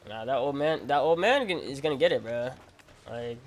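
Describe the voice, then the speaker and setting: While playing a game on his livestream, a man with a mid-range voice chats casually at a normal speed, sounding animated. He rambles and repeats himself as he tells stories, using slang like "bro" and "freaking."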